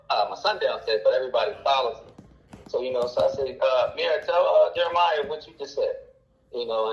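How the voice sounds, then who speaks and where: A man around forty, a caller telling a long personal story in a halting, rambling way with many fillers. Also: medium pitch, roomy sound, lo-fi sound. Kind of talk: casual storytelling.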